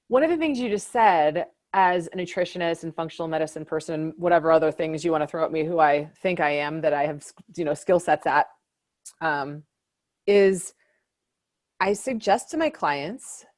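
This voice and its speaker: A woman hosting a relaxed interview, talking in a casual, chatty way with frequent fillers. Her voice sits a little low. The recording is dry, with no room sound. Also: no room sound. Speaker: host, naturopath.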